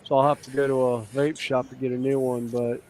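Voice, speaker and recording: A man's voice: mid-range voice, little pitch movement, fairly quick, darkish tone, a little hiss or hum. Rambling man in casual chat. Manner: rambling, filler-heavy storytelling.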